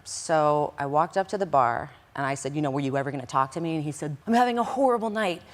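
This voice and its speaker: Low-voiced woman telling an animated story. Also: quick pace. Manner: animated, acts out quoted dialogue. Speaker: interview guest recounting past events. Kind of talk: emotional personal storytelling.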